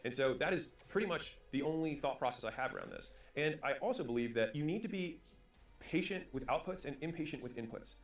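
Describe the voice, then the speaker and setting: A man in his thirties giving a motivational storytelling talk, acting out quick bits of dialogue. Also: a little high, lively intonation, distant mic, soft background music. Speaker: business and sales speaker. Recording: roomy sound from away from the mic.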